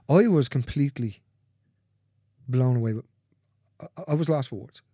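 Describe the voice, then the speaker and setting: A man speaking as a guest in a candid conversation, earnest and repetitive, swearing freely and dropping into soft, near-whispered phrases. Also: mid-range voice, sing-song, a little fast, slightly rough, no echo, clean studio sound.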